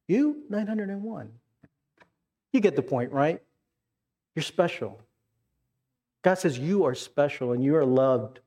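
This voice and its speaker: A man's voice: a little high, a little mellow. A man preaching a sermon, earnest, with repeated words and questions to the congregation. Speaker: pastor.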